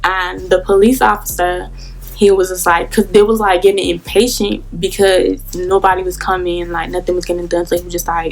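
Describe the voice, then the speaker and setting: A woman's voice: lowish voice, flat delivery, brisk. A young adult woman telling a casual story in a rambling, profane way, full of fillers. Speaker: vlogger.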